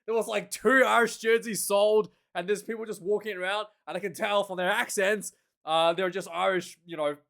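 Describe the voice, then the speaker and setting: A young man talks rugby in a loose, rambling way, laughing between thoughts and restarting his sentences. His voice sits fairly high for a man. He sounds like he is speaking straight to camera into a desk mic. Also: fairly even intonation, normal speed, gravelly, a bit bright. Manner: chatty, laughs often, many fillers and restarts. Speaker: rugby commentator and channel host. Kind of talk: casual rambling commentary.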